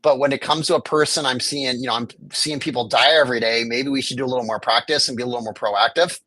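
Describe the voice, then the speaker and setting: A fast-talking man with a steady, medium-pitched voice that sounds pushed and bright argues passionately as a homelessness advocate guest. In this conversational interview he acts out quoted officials; the audio is poor, with no room sound.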